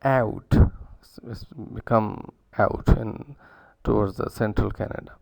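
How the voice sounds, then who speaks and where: A man giving a recorded lecture, halting with many fillers and self-corrections, repeating words aloud to show how they are pronounced. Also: lowish voice, flat delivery, vocal fry. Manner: repeats words to demonstrate pronunciations. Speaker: university lecturer.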